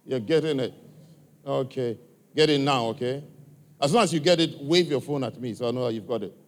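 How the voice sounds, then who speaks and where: A man with an African accent, medium-pitched and a little fast, speaks to a church gathering. His approach is direct and coaxing, and he keeps questioning the people listening.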